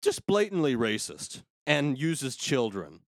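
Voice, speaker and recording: A man's voice: medium pitch, wildly swooping pitch, takes it slowly, no room sound. A man hosting a podcast, ranting crudely and sarcastically in casual comedic talk. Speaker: podcast host.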